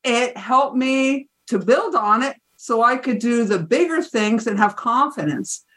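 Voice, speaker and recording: A woman's voice: a little high, expressive, measured pace, a bit bright. A woman interview guest, telling a personal story in a reflective way. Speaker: guest, author. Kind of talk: interview talk.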